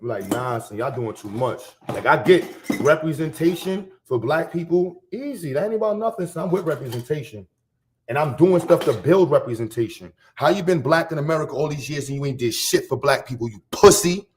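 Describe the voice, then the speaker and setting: A man from Harlem, hosting a casual livestream rant full of profane, boastful street slang and loud bursts. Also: fairly high pitch, expressive, brisk, slight background noise. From Harlem, New York. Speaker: livestream host.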